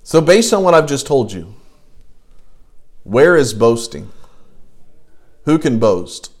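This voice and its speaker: A man teaching an adult Bible study, lively and animated, often acting out quoted voices. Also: takes it slowly. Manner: animated, acts out quoted voices with rising pitch.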